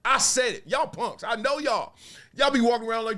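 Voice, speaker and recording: A man, giving playful, animated casual commentary on sports media. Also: very high voice, a little fast. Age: 40s. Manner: animated, playful, acts out quotes in voices.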